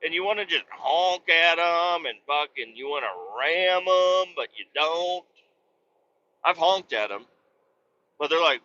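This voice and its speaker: A man's voice: fairly high pitch, lively intonation, measured pace, bright, forceful tone, lo-fi sound, slight background noise. A man, a truck driver hosting his own podcast, ranting casually and profanely about his day. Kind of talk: casual rambling monologue.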